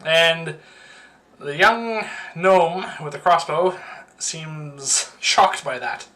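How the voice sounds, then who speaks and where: Bright-voiced man playing a tabletop game. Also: on the high side, drawn-out words. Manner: brief casual replies. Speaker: player. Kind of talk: casual tabletop game chat.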